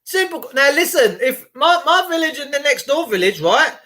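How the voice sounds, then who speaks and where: A man's voice: extremely high pitch, very animated, moderate pace, pushed and bright. A man, hosting a casual livestream, rambling and indignant as he greets viewers by name. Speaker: livestream host.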